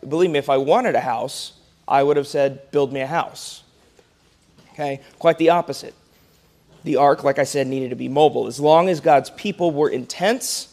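A man teaching a Sunday school Bible class, often checking in with the group with "okay?" and "right?" and clearing his throat now and then. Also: medium pitch, a little mellow.

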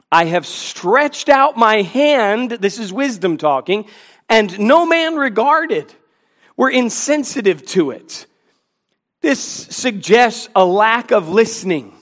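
High-voiced earnest male preacher. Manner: earnest, pleading, with quick asides to the congregation. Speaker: pastor. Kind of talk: sermon. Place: church in front of a congregation.

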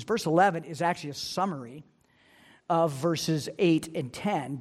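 A male pastor delivers a sermon in an earnest, emphatic manner. His voice sits fairly high for a man. He circles back to key phrases again and again to press each point home. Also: darkish tone.

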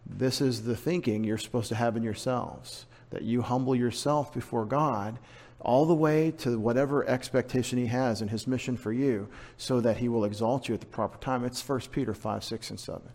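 Male pastor, mid-pitched voice, conversational sermon delivery with emphatic stretches and questions to the congregation. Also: normal speed, a little mellow.

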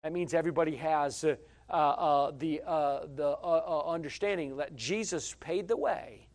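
A middle-aged male pastor delivers a sermon in a notably high voice. He swings from loud, emphatic declarations to quiet, conversational asides. He repeats phrases and stumbles over fillers as he goes. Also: moderate pace.

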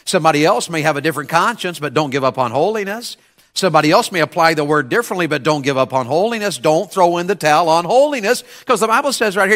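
A middle-aged man delivers a sermon in a high, bright and ringing voice. He preaches call-and-response style to the congregation. He swings from hushed asides to shouted climaxes. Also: expressive, quick pace. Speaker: pastor.

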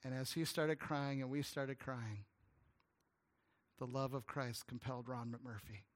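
A man preaching a sermon as a guest pastor, telling an earnest story with stammered restarts and some hushed, tender moments. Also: medium pitch, fairly even intonation, measured pace. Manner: drops to a hushed, tender voice at emotional points.

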